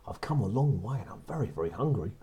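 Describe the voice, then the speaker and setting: A man's voice: lowish voice, lively intonation, fast, mellow, a little hiss or hum, close to an everyday voice. A man voicing a bold, cheeky boy in a children's story, talking cheerily and politely. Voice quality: husky. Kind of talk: storybook reading.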